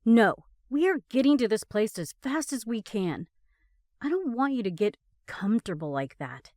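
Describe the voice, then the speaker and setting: A woman voicing a hot-tempered young man who barks and yells in frustration. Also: a little high, very animated, moderate pace, no room sound, clean studio sound. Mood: cross. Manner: cross, barking, yelling.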